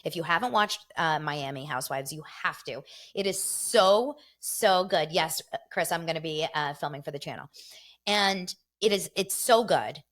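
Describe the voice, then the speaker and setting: A middle-aged woman hosts a casual gossip commentary in a slightly low voice. She is chatty and animated and talks straight to her viewers. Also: moderate pace. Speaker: show host.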